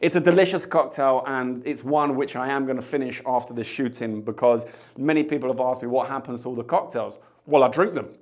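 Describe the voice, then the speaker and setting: A man's voice: medium pitch, brisk. A man, a bartender, chatting casually to camera as he tastes cocktails, with jokey asides. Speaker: bartender host. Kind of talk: casual tasting chat to camera.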